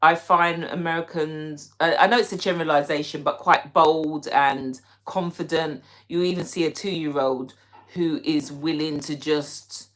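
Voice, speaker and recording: A woman's voice: deep voice, fairly even intonation, unhurried, fairly bright tone. A young British woman hosting a live stream, chatting casually and giggling as she answers viewers by name. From Britain. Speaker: livestream host reading chat.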